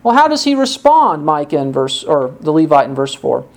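A woman preaching an expository sermon, asking her listeners rhetorical questions and pausing for emphasis. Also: sits low, big pitch swings.

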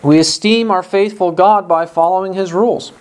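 A man's voice: high-pitched, moderate pace, a little mellow, slight background noise, poor audio. A man preaching a sermon, a parent, emphatic and stressing points by repeating phrases. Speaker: pastor.

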